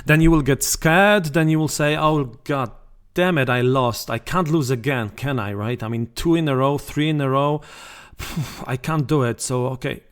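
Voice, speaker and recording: Slow-talking man giving trading advice. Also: a little high, gravelly. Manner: conversational, frequent fillers and restarts, repeats points. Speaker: football trading channel host. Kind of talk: casual talk to camera.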